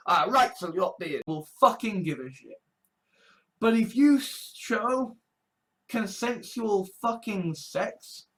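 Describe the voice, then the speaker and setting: High-pitched sarcastic man ranting. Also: lively intonation, normal speed, a bit bright. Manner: sarcastic, exasperated, swears a lot. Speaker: online commentator. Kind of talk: ranting monologue compilation.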